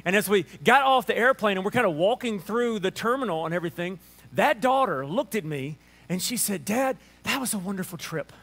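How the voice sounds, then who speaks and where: A man in his thirties with a Southern Alabama drawl, preaching a sermon and telling a family story with lively restarts. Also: high-pitched, a little fast. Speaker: pastor.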